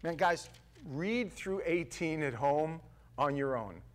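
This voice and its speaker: A man preaching a casual, conversational sermon as a pastor, blunt and slangy, often restarting his sentences and moving between quiet asides and loud emphatic stretches. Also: on the high side, lively intonation, slow.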